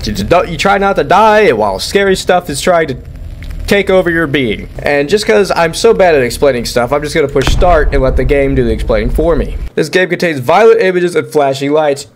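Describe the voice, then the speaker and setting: An excitable young man narrates his own horror playthrough with jokes and loud reactions. His voice sits a little high and swings widely in pitch. Faint room noise and typing stay in the background. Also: a little fast. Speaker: gaming YouTuber. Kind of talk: let's play commentary.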